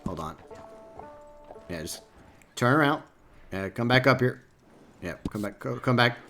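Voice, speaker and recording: A man's voice: medium pitch, animated, measured pace, pushed and bright, soft background music. A man live-streaming a game, rambling casually and answering his viewers by name. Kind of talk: casual gameplay stream commentary.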